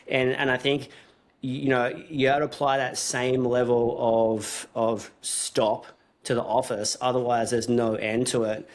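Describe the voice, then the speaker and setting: A man's voice: mid-range voice, steady tone, normal speed. A man hosting a casual podcast chat, thinking aloud in long, rambling runs that restart mid-sentence. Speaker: podcast host.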